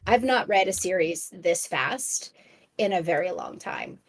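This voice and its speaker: A woman author chatting as a podcast guest, enthusiastic and quick to laugh, often restarting her sentences. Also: on the low side, lively intonation, husky. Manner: frequent restarts and stammers. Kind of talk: casual podcast chat.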